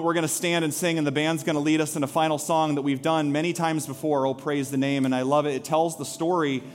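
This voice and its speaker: A man preaching a sermon as pastor, telling a story earnestly and rising to rousing calls to worship. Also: a little high. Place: church sanctuary.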